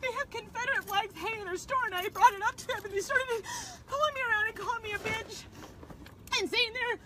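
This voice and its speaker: A woman's voice: extremely high pitch, quick pace, very noisy. A woman filming a confrontation on her phone in an outdoor parking lot, shaken and pleading. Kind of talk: phone video rant. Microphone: handheld phone.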